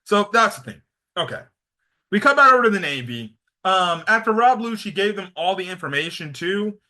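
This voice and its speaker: A young man giving a casual anime episode review, excitable, slangy and rambling. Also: sits high, fairly quick.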